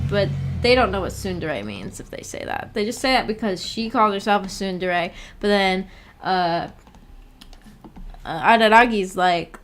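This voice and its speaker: A woman's voice: medium pitch, slight background noise. Woman streamer, casual livestream chat, rambling, giggly, self-correcting.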